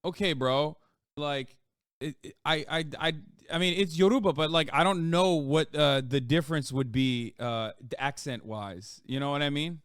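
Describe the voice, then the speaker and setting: A man streaming live and chatting casually, rambling and swearing, his pitch leaping up when he gets worked up. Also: normal speed, clean tone, dry recording, clean studio sound. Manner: profane, rambling, with sudden loud jumps in pitch.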